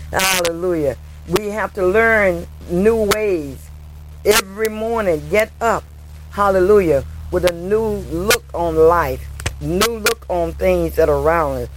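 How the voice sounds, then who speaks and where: Brief: female preacher, slow measured sermon, audible background noise. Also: lowish voice. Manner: slow, deliberate preaching with repeated hallelujahs. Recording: noisy recording.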